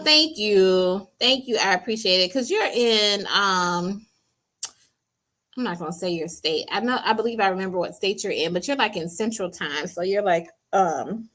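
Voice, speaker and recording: A woman hosting a casual livestream, reading viewer comments aloud, chatty and laughing often. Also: mid-range voice. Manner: chatty, laughs often, drops to quiet asides. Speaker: livestream host.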